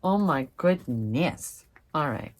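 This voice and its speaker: A young woman doing a casual tarot reading to camera, chatty and excitable, swearing freely and calling her viewers fam. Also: low voice, slow pace, very noisy. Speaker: tarot reader.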